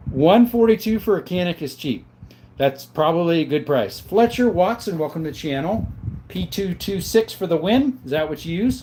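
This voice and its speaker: A man with a fairly high-pitched voice hosts a laid-back livestream from home. He reads out viewer names and chats back, easygoing and unhurried. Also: a little mellow, slight background noise. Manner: calls viewers brother. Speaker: livestream host answering viewer chat. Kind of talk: casual live chat. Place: home, in front of a counter.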